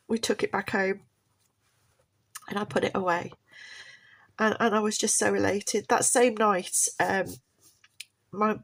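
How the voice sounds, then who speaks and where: Woman, middle-aged, casual storytelling, heartfelt, rambling, repeats herself, medium pitch. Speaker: mother sharing a family story.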